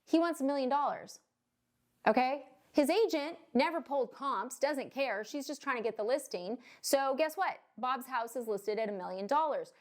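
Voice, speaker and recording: With a high-pitched voice at normal speed, a woman who works as a mortgage loan officer walks through home buying conversationally. She keeps tossing in "right?" and "okay?" along with joking asides and acted quotes.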